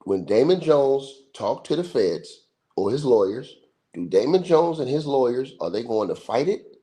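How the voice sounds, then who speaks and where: A man's voice: medium pitch, big pitch swings, measured pace, mellow. Emphatic man hosting a sports livestream. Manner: emphatic, repetitive, slangy. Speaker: livestream host. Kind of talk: casual sports commentary. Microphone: livestream mic.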